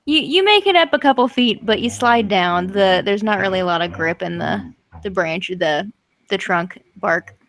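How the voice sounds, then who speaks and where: A woman narrating as game master of a tabletop role-playing game, casual and quick to laugh. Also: mid-range voice, lively intonation, vocal fry, fairly bright tone.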